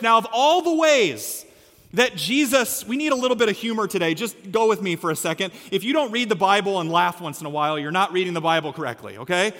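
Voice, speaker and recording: A man preaching a lively, joking sermon as a pastor, acting out the lines he quotes. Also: high voice, brisk, long reverb tail. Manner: energetic, humorous, acts out quotes. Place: church sanctuary.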